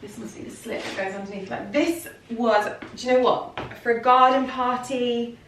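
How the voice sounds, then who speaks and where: An English woman with a fairly high voice talks through a try-on haul in a gushing, chatty way. She sounds a little way off the mic in a roomy space, with a faint hum of noise behind her. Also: fairly even intonation, moderate pace, a bit bright, recorded from a distance. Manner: gushing, chatty and emotional, with frequent laughs. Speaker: fashion vlogger. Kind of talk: casual try-on haul chat.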